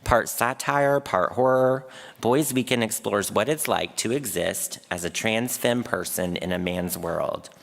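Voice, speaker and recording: Low, gravelly man in a big hall. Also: measured pace, a bit bright. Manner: reads from a script, corrects a slip with a laugh. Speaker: event host introducing speakers. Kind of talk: scripted introduction. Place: large event room. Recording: long reverb of a large hall.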